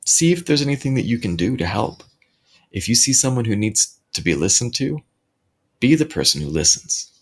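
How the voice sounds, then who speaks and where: A man hosting his own podcast, talking earnestly and reflectively on his own at home, often halting and restarting his sentences. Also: lowish voice, husky. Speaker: podcast host. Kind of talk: reflective solo talk. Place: home recording setup.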